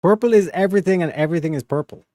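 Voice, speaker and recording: A man in his younger years chats loosely to his stream, drifting between thoughts with plenty of "bro". His voice sits a little high for a man, and the sound is close and dry with no room around it. He is relaxed and slangy throughout. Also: rapid-fire, dry recording. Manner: rambling, slangy, peppered with "bro" and "you know what I mean". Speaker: livestream host. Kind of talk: casual chat.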